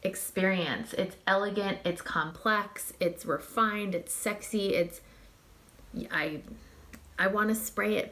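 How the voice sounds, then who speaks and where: A woman's voice: medium pitch, unhurried, fairly bright tone. A young woman reviewing perfumes in a casual, gushing, filler-heavy chat. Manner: gushing and chatty, many fillers and likes. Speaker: fragrance reviewer.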